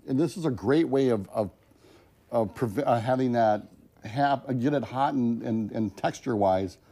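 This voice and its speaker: A man in his sixties, a guest chef on a TV cooking segment, talking in a halting way with many fillers and repeated words. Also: mid-range voice, warm tone. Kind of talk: casual cooking demo chat.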